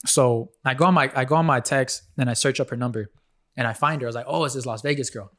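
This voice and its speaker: Casting: male podcast co-host, mid pitch, relaxed storyteller, casual and profane. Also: fast talker. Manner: laid-back storytelling, swears a lot. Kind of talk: casual chat.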